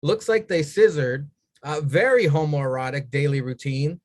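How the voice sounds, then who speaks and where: A man with a slightly higher voice hosts a loose wrestling podcast. He talks through the matches with crude jokes and throws questions to his co-hosts. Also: moderate pace, a little mellow. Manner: crude, joking, leads the rundown. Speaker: podcast host. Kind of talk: casual wrestling talk.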